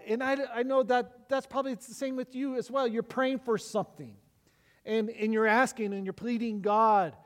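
A middle-aged man preaching a sermon as pastor, telling stories in a conversational way with frequent restarts. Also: sits high. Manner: conversational storytelling with many restarts. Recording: long echo of a large hall.

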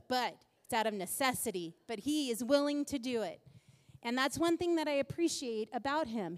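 A woman in her thirties with a fairly high voice speaks to an audience in a big hall, and her words ring out with a long reverb. She tells her story in an animated, self-mocking way and often laughs at herself. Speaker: speaker at a church event.

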